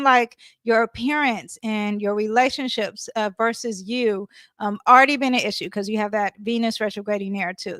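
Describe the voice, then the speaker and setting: A woman's voice: fairly high pitch, a bit bright, dry recording. A woman astrologer reading horoscopes in a casual, chatty way, with lots of fillers and "okay?" check-ins. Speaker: tarot reader and astrologer.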